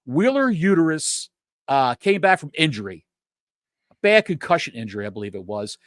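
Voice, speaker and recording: A man co-hosting a casual podcast, animated and rambling, swearing freely as he rants. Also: on the high side, normal speed, no room sound. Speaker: podcast co-host.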